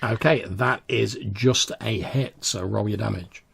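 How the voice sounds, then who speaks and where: Low, gravelly game master narrating. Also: male voice, measured pace, fairly bright tone. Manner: casual, descriptive, many fillers like "like".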